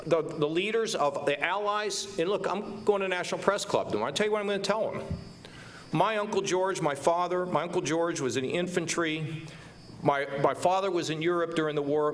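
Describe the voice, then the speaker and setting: Impassioned man on stage, pitch high. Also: a bit bright, slight background noise. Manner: impassioned, emphatic, repeats words. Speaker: governor. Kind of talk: onstage conversation. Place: stage before a live audience.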